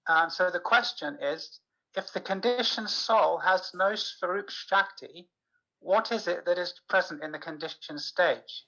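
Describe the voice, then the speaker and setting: A woman's voice: lowish voice, a little slow, bright, forceful tone, dull audio. A woman, a student in a class, reads a quoted passage aloud and asks a question, somewhat hesitantly. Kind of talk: reading a passage and asking a question.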